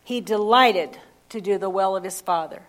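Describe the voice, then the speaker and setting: A woman preaching a sermon, slow and emphatic, repeating key phrases and asking the congregation questions. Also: mid-range voice.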